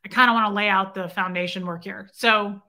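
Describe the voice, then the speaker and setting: Woman, vlogger, emotional storytelling, outspoken, swears, bright forceful voice. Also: mid-range voice, steady tone, fairly quick. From grew up in Scientology. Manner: outspoken, indignant, swears freely; rambling, loops back with "okay?" and "right?". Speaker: vlogger telling a personal story.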